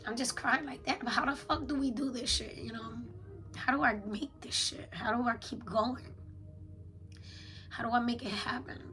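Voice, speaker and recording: A woman's voice: on the high side, steady tone, moderate pace, sharp tone, soft background music, poor audio. A woman in her thirties speaking in a candid confessional journal, weary and blunt, swearing often. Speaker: mother journaling on camera.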